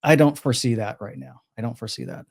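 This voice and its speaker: A man in a casual podcast chat who drifts through his thoughts, often restarting and correcting himself. His voice sits in an ordinary middle pitch and is recorded dry and close. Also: fast talker, gravelly, no room sound. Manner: rambling, frequent restarts and self-corrections. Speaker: crypto trader guest.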